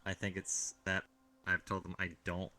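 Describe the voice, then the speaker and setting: Mild man with a deep, bright voice. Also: monotone, moderate pace, soft background music. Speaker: roleplayer. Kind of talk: in-character roleplay.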